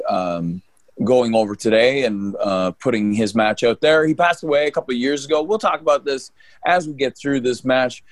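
On a casual podcast, a Canadian co-host with a mid-range voice meanders through his points, leaning on fillers and frequently starting sentences over. The recording is dry.

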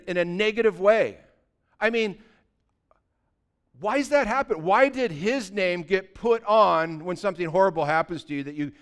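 A middle-aged man preaching a sermon as pastor, conversational and animated, full of rhetorical questions. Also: high-pitched.

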